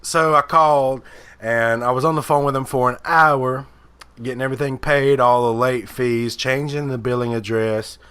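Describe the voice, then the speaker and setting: A man's voice: medium pitch, steady tone, moderate pace, a bit bright, smooth. Man with a cold telling a story. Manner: storytelling, acts out both sides of a phone call. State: has a cold, sore throat. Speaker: podcast co-host. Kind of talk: casual chat.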